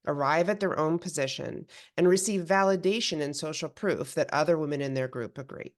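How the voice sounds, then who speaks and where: Low-pitched woman presenting, steady explaining tone, couple of little restarts. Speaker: presenter of an advocacy group. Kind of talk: prepared presentation.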